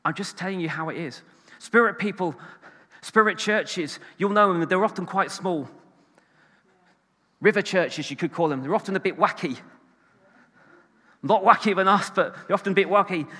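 Preaching a sermon, a man with a high-sitting voice is animated and emphatic, swinging from loud bursts to hushed asides. The sound carries the echo of a big room.

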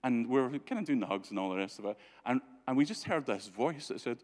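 A man's voice: medium pitch, animated, brisk, a little mellow. A man telling stories in a church talk, chatty, often laughing, with many restarts and fillers. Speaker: church speaker. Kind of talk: anecdotal storytelling talk.

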